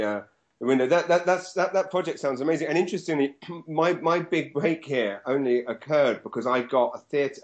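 A man, a stand-up comedian, chatting casually and telling stories with animated energy and the odd swear word. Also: medium pitch. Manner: animated storyteller, swears freely. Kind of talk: casual chat. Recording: dull lo-fi sound.

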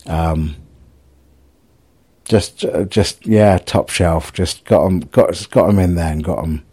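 Very deep, husky rambling man. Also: takes it slowly, dark tone. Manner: rambling, self-mocking, sweary. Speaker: vlogger. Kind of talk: casual solo video diary.

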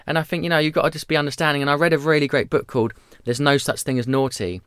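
A man's voice: a little high, smooth, no echo, clean studio sound. A man in his thirties, chatting candidly as a podcast guest and acting out little voices as he tells stories. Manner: animated storyteller, quick, acts out voices. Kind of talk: candid conversational chat.

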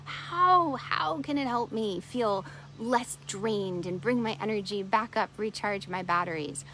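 Expressive woman coach telling a story. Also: mid-range voice, a little slow, a little hiss or hum, rough recording. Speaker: wellness coach. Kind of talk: storytelling talk.

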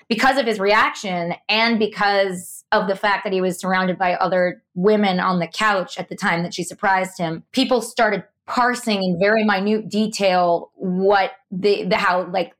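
A woman's voice: mid-range voice, fairly bright tone. A young adult woman, a reporter, explaining internet culture in an articulate, analytical way during a conversational interview.

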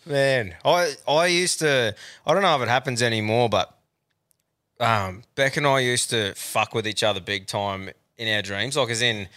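An Australian man hosts a podcast in a loose, joking chat, full of laughs and swearing. His voice is bright and forward, and the room sounds dry and close. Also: mid-range voice, normal speed, no echo. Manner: laughs often, swears a lot. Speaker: podcast host. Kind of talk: casual chat.

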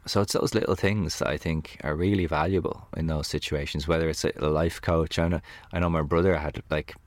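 A man, a podcast guest talking casually in a camper van, telling animated stories full of "like". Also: extremely low pitch, a little fast, no echo. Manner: animated storyteller, heavy on "like". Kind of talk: casual conversation.

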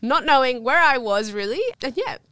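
A young woman co-hosting a podcast, telling a travel story in a lively way, acting out the people she quotes and laughing often. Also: high voice, moderate pace, slight background noise. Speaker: podcast co-host. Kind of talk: casual chat, storytelling.

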